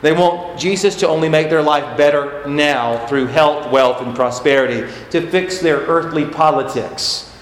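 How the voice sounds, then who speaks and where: A man's voice: fairly high pitch, moderate pace, few pauses. A man preaching a sermon as pastor, stressing points by repeating them. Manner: emphatic, repeats key phrases for stress. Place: church sanctuary. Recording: echoey church hall with faint noise.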